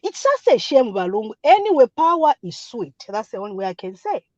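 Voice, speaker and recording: A woman's voice: on the high side, sing-song, a little fast, warm tone, no echo. A woman calling in with emphatic, repetitive political comments, switching between languages. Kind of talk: impassioned political call-in comment. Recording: dull, dry lo-fi line.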